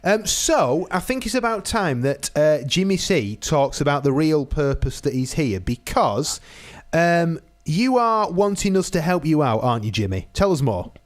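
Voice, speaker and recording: A man hosting a podcast, running a quick quiz in a teasing, brisk way. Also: a little high, big pitch swings. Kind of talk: casual chat.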